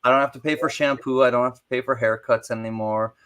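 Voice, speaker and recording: A man's voice: medium pitch, steady tone, fast talker, a crowd in the background. A man co-hosting a coin collecting stream, joking in a laid-back casual chat.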